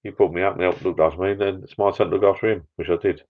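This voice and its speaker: A man's voice: sits low, fairly even intonation, racing, narrow, tinny audio. An older man hosting a live stream from his backyard bar, chatting in a rambling, sentimental way. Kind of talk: casual chat. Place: backyard garden bar shed.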